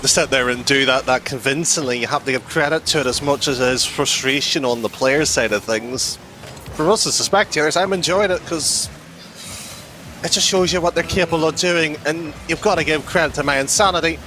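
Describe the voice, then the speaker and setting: A man's voice: fairly high pitch, a little fast, sharp tone, slight background noise. A man giving colour commentary on a live esports match, teasing his partner and laughing often, on a headset mic.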